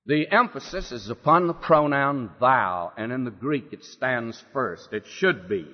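A man's voice: mid-range voice, expressive, a little slow. A man preaching a sermon, acting out the quoted lines with drama and putting rhetorical questions to his listeners. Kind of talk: expository sermon. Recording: dull lo-fi hall recording.

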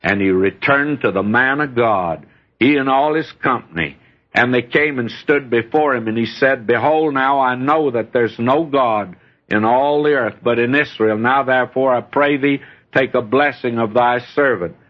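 A husky-voiced man preaching a sermon in a folksy, storytelling way. He reads scripture aloud between homely asides to his listeners. The recording is dull and lo-fi. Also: mid-range voice, normal speed.

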